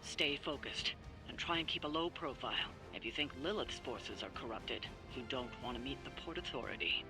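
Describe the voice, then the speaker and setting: An actor playing a calm male mission briefer who speaks in a measured, instructive way. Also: medium pitch, lightly acted. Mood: briefing. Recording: game audio with music.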